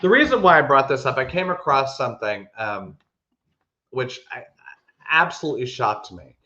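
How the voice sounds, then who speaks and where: A man co-hosting a podcast in casual chat, telling stories with animated emphasis and frequent restarts. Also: mid-range voice, moderate pace. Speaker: podcast co-host. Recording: echoey room, dull lo-fi sound.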